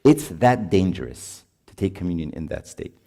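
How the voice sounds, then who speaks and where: Deep-voiced priest giving a chatty retreat talk. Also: male voice, big pitch swings, normal speed, dark tone. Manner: chatty, often adds "right?", laughs while talking. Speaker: priest speaking at a marriage retreat.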